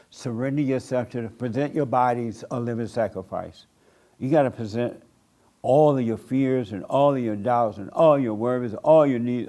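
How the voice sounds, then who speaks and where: An older man preaching a blunt sermon to a small group, mocking people by acting them out in a higher voice. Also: warm tone. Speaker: pastor.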